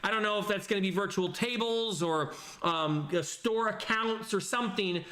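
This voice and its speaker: Male host, very high bright voice, casual reactive commentary, lots of restarts, echoey room. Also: normal speed. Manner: animated, exasperated, thinks aloud with many restarts. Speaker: channel host reading viewer comments.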